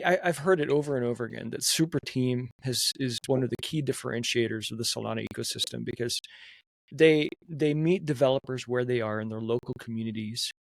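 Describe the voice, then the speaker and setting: A man hosting an interview, asking measured, leading questions. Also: mid-range voice, no echo. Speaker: podcast host.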